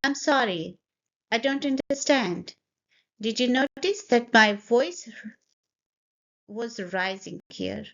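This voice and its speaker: A woman's voice: mid-range voice, muffled recording. A woman teaching spoken English, saying each sentence twice and explaining intonation. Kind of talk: slow, clear pronunciation lesson.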